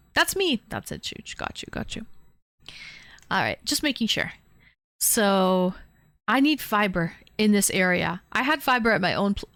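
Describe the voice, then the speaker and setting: A woman's voice: medium pitch, a bit bright, no echo, studio quality. A young woman from the Toronto area, live-streaming and chatting casually, thanking viewers by name with plenty of fillers. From Canada, Toronto area.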